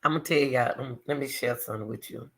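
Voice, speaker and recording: A middle-aged woman talking straight to her viewers in casual commentary, reading scripture between emphatic, repeated remarks in a loud, teacherly way. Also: very deep voice, fast talker, gravelly, husky. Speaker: YouTuber.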